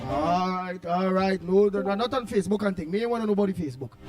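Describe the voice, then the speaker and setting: A Trinidadian man hosting a morning radio show, rambling playfully with bursts of loud greetings. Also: high-pitched, quick pace, music in the background. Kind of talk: casual call-in radio chat.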